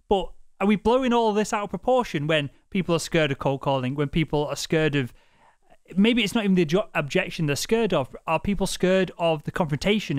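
A man's voice: high voice, clear, resonant tone, dry recording, clean studio sound. A man hosting a podcast interview, asking eager, probing questions. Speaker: podcast host.

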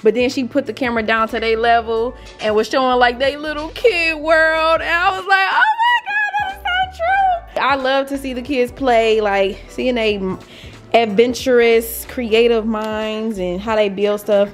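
A young mother, chatting casually in a home vlog, playful and quick to laugh with her kids. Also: fairly high pitch, fairly even intonation, faint music behind. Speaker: family vlogger and mother. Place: home, indoors.

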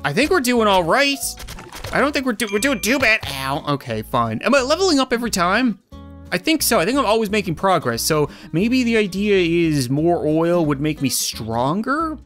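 A man's voice: high voice, sing-song, normal speed, fairly bright tone, soft background music. A man giving casual, joking gameplay commentary, rambling and self-deprecating as he plays. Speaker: gaming YouTuber.

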